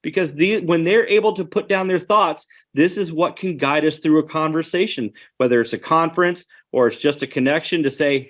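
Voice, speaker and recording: A man's voice: a little high, normal speed, few pauses. A man giving an online webinar presentation, earnest and conversational, speaking straight to his audience.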